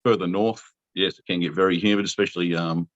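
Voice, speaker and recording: A man's voice: low voice, fairly even intonation, quick pace, no room sound, dull audio. A middle-aged Australian man hosting a casual video chat, easygoing and chuckling. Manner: easygoing, laid-back, chuckling. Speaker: host.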